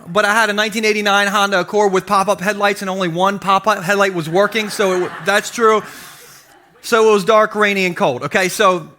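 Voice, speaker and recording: Bright-voiced, high-pitched male pastor. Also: fairly quick. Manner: animated, self-deprecating, acts out quotes. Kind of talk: humorous storytelling sermon. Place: church stage before a congregation.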